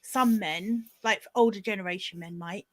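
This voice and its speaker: A woman, a guest on a casual chat podcast, telling stories in a lively, animated way. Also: medium pitch, normal speed.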